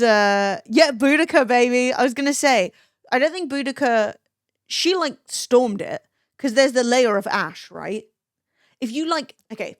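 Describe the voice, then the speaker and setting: A woman's voice: fairly high pitch, no echo, clean studio sound. A woman from London with a British accent, telling stories casually on a stream, laughing and swearing freely. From London, England. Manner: chatty storytelling, swears freely, laughs often. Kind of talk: casual chat.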